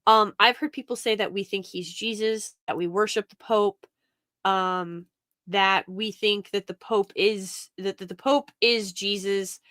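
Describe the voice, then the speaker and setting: A woman's voice: mid-range voice, unhurried, dry recording, studio quality. Rambling woman chatting on a call. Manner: rambling, many restarts and fillers; quotes others in animated retellings. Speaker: podcast guest. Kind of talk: casual chat.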